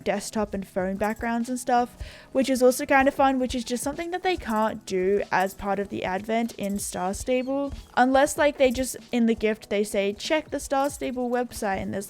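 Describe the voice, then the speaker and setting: A woman with an Australian accent, chatting casually as a gaming YouTuber, rambling and filling her talk with "like" and "you know". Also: a little high. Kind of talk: casual chat.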